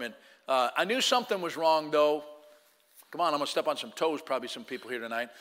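A man delivers a sermon in a church, his bright, ringing voice trailing off into a long hall reverb. Slightly high, animated and fast, he swings from loud exhortation down to a hushed storytelling tone.

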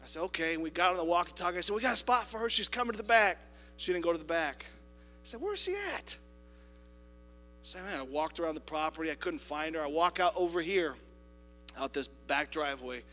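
Man preaching, high bright voice, long hall echo, soft music underneath, loud then hushed. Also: fast talker. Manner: emphatic preaching with quoted voices and sudden shifts from loud to soft. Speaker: pastor. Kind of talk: sermon with storytelling. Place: church sanctuary.

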